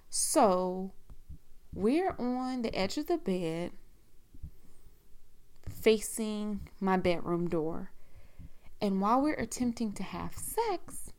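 A woman's voice: lowish voice, darkish tone. A woman telling a personal story in a frank, profane, rambling conversational way.

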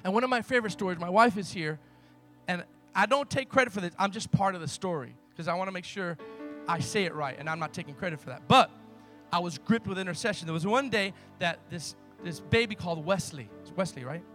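A man preaching a sermon, telling stories emphatically, swinging from loud to hushed. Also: sits high, brisk, soft background music.

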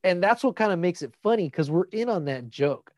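Man, casual movie chat, lively intonation, dry recording, profane. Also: high voice, brisk, dry recording. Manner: expressive, profane, thoughtful.

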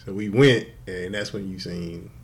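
A man's voice: deep voice, a little slow. A man co-hosting a podcast in casual chat, telling stories animatedly, swearing freely and laughing often. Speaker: podcast co-host.

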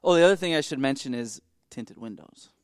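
A man's voice: medium pitch, expressive, brisk, smooth, no room sound, studio quality. A middle-aged man, co-hosting a podcast and telling a long story in casual chat, with many restarts and asides. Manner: rambling, self-interrupting storyteller. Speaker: podcast co-host.

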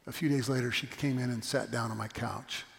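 With fairly even intonation and vocal fry, a middle-aged male pastor speaks fairly quickly in a mid-range voice. He preaches in a church sanctuary, telling a story with earnest emphasis on his repeated point, and a long reverb from the hall is audible.

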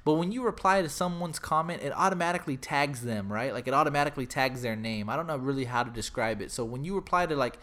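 A man hosting a casual podcast who tells stories in an animated, profane way. He acts out what other people said as he goes. His voice sits at an ordinary middle pitch. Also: fast, hardly any pauses. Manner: animated, profane storytelling, acts out quoted lines. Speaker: podcast host. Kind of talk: casual storytelling chat.

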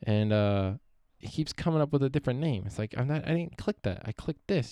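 A man's voice: fairly low pitch, lively intonation, a little fast, hardly any pauses, a little mellow, no echo, studio quality. A young man hosting a solo podcast, rambling and swearing freely, often trailing off and restarting. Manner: profane, meandering, self-interrupting. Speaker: podcast host.

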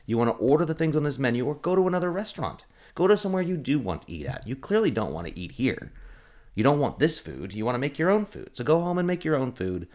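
A man's voice: mid-range voice, very animated, fast, darkish tone. Ranting sarcastic bartender man. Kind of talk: casual podcast chat.

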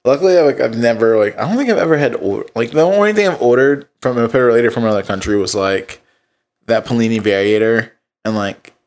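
Casual male co-host, slangy and swearing, quick reactions. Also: mid-range voice, a little mellow. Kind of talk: casual chat.

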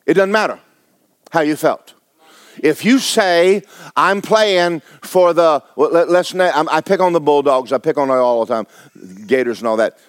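A man's voice: fairly high pitch, moderate pace, smooth, no echo. A man preaching a blunt, exhorting sermon, firing rhetorical questions at his congregation. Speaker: pastor.

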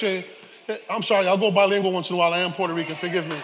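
A man preaching a sermon, animated, with joking asides and shouted peaks. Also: sits high, very fast, background noise. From New York, Harlem. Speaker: pastor. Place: church sanctuary. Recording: reverberant church hall.

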